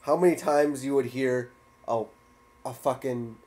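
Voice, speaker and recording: A young man chats casually, starting and stopping as he searches for words. His voice sits at an ordinary middle pitch. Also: fairly even intonation, darkish tone. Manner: halting, hesitant phrasing. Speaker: podcast co-host. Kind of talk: casual chat.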